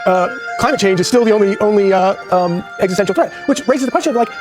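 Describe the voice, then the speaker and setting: A man's voice: high-pitched, fast talker, over music. A man on a news panel, talking in a rambling way full of fillers. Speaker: panel commentator. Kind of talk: opinion panel talk.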